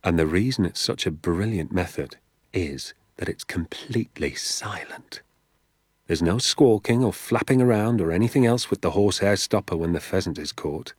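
A man reading an audiobook, voicing a secretive, enthusiastic father who talks in a low, confiding hush and sometimes drops to a whisper. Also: expressive, normal speed, slightly rough, dry recording, clean studio sound. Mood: hushed explaining. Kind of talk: audiobook character voice.

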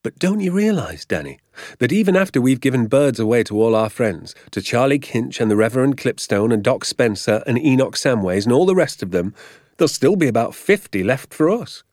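A man voicing an excitable, boastful middle-aged father in an audiobook, exclaiming in a grand, theatrical way. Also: mid-range voice, a little fast, no echo, studio quality. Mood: coaxing. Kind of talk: audiobook character voice.

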